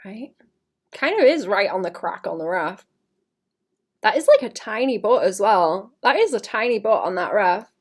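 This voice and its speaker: A young woman chatting casually to her stream as she draws, muttering to herself and often clearing her throat. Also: mid-range voice, sing-song, moderate pace. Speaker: artist livestreaming. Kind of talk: casual streaming chat while drawing.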